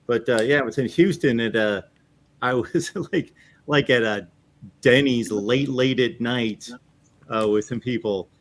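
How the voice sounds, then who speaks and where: A man with an average-pitched voice hosts a sports talk. He tells anecdotes in an animated way, often laughing as he talks. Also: measured pace. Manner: animated storyteller, laughs while talking. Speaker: host. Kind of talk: casual anecdote telling.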